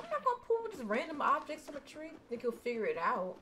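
A young woman giving casual let's-play commentary as she plays, animated and full of exclamations, sometimes reading game dialogue aloud. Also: high voice, fast talker, faint music behind. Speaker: gaming streamer.

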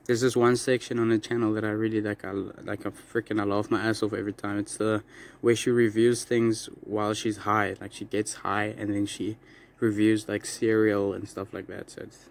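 A man's voice: lowish voice, little pitch movement, normal speed, vocal fry. A young man casually introducing his video, rambling and correcting himself with little laughs. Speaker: YouTube creator.

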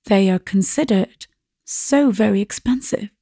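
A woman plays a meek, vague younger spinster sister in a storybook reading, hesitant and mild. The voice is slow, husky and mellow, recorded dry and close. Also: mid-range voice, no room sound.

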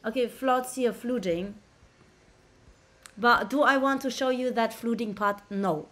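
A woman's voice: a little high, unhurried, a bit bright. A woman livestreaming casually on a laptop mic, brash and profane, bickering with her chat. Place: indoors at a laptop.

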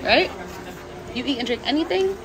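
Mom vlogger, very high lively voice, slow sing-song baby talk, loud outdoor noise on a phone camera. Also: female voice. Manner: cheerful baby talk, frequent laughter. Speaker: mother filming a family outing. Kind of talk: casual family vlog. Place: outdoors at a farm with slides and apple picking.

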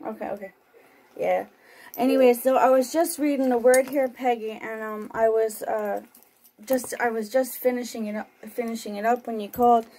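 A woman slowly reading scripture aloud as host of a home broadcast, then chatting on the phone. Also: a little high, steady tone, mellow, low-quality recording. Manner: slow, deliberate reading; chatty and laughing on the phone.

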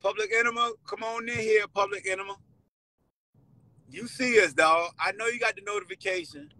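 A man hosting a sports podcast with a Virginia accent, taunting and shouting at players in casual trash talk. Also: high-pitched, normal speed, gravelly, poor audio. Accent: Virginia (757 area). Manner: loud, taunting, animated, shouts and laughs. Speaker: podcast host.

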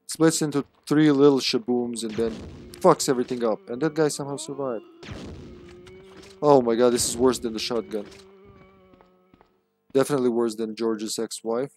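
Soft music plays behind a man whose voice is medium in pitch and a touch mellow, delivered at a moderate pace. He's streaming a horror game live, narrating as he goes, joking around, slipping in sarcastic comments, and casually responding to viewers.

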